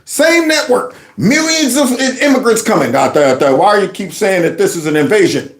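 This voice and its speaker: A man talks through political clips in a high, lively voice that swings widely in pitch. He is mocking and animated, often slipping into exaggerated mimicry. The room around him is echoey. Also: moderate pace. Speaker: political commentary host. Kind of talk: casual political commentary.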